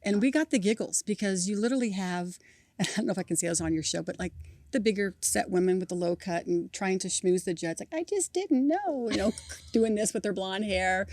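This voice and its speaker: A middle-aged woman, a podcast guest telling lively family stories and acting out the people in them. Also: mid-range voice, a little fast, no room sound. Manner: animated storyteller, acting out voices with laughter. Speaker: podcast guest, mother of a cancer patient. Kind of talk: storytelling in an interview.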